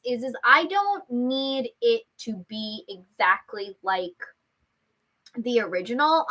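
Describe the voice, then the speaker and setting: A woman's voice: on the high side, bright, forceful tone. A young woman hosting a casual chat, chatty and laughing often, swearing freely as she talks. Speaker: host.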